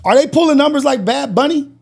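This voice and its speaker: A man's voice: very high-pitched, animated, fast, vocal fry, a little mellow. A man hosting a live call-in show, ranting in a blunt, incredulous way and swearing freely.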